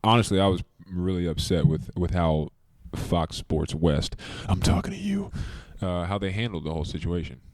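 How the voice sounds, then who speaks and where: A man's voice: deep voice, moderate pace, few pauses, a little mellow, no echo. A young man, a basketball player guest, telling stories in a laid-back podcast chat full of fillers.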